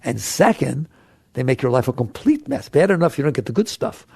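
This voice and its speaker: A man's voice: mid-range voice, big pitch swings, a little fast, gravelly, darkish tone, slightly rough, dry recording. A man giving a conversational spiritual talk to an audience, asking rhetorical questions and acting out people's inner voices. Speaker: spiritual teacher.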